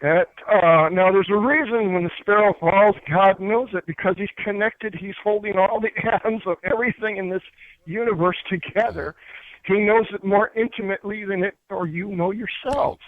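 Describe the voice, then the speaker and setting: Here a guest spiritual teacher from upstate New York speaks in a high-pitched voice at a moderate pace. The sound is dry and tinny, like a phone line. Earnest and rambling, he keeps restarting and filling pauses as he explains crystals and spirits in a casual teaching style.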